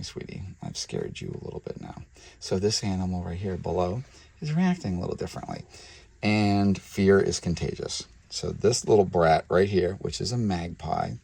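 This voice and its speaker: A man who breeds reptiles, hosting a casual vlog while handling snakes, chatty and sometimes dropping to soft murmurs toward the animals, recorded on a handheld camera mic indoors. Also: deep voice, creaky, slightly rough. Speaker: reptile breeder and channel host.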